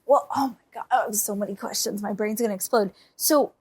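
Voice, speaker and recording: A woman hosting a podcast interview, eager and quick to affirm her guest. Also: mid-range voice, darkish tone, slightly rough. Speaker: podcast host.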